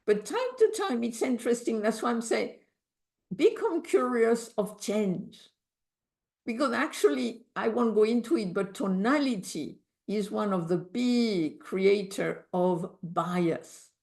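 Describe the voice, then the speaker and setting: A woman's voice: mid-range voice, animated, a little slow, creaky, a little mellow. A woman with a French accent, a meditation teacher thinking aloud as she leads an online group session, with small slips in her English grammar.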